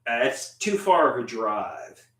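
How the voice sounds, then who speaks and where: Guy rambling on a livestream, slow bright voice, echoey room far from the mic. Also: mid-range voice, sing-song. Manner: rambling, reads out viewer comments. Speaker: livestream host. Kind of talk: casual livestream chat.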